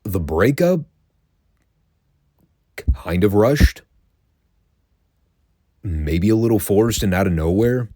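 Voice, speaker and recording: A man's voice: on the low side, expressive, takes it slowly, long pauses, mellow, dry recording, studio quality. A man hosting a show, giving a casual, wry recap of old wrestling episodes and swearing now and then. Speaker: podcast host reviewing classic wrestling.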